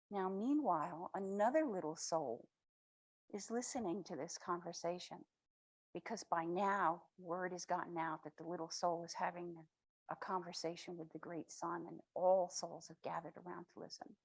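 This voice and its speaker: A woman speaker giving a spiritual talk at a spiritual center, retelling a story in a slow, reflective, affirming way. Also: fairly low pitch, husky, rough recording. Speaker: guest speaker.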